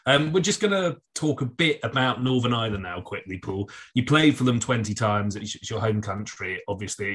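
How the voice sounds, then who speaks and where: Male interviewer, slightly low voice, thoughtful and measured. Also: a bit bright. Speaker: podcast host. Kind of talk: interview questions.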